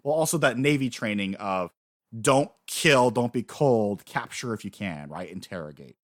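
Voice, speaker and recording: A man co-hosting a casual podcast, excitedly recapping story events, swearing freely and acting out lines. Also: on the low side, normal speed, no room sound, studio quality. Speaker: podcast co-host. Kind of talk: casual anime recap chat.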